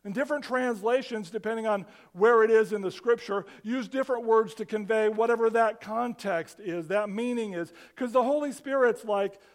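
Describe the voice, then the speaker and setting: A man with a strikingly high voice preaches to his congregation. His delivery is animated and conversational, with repeated restarts as he builds his points. The pacing of a live sermon comes through in how he talks. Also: normal speed, few pauses. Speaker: pastor.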